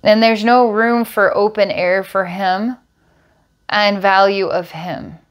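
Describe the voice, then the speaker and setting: A woman working as a psychic healer, calmly describing visions during a guided healing session. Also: medium pitch, slow. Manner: calm, descriptive, storytelling visions.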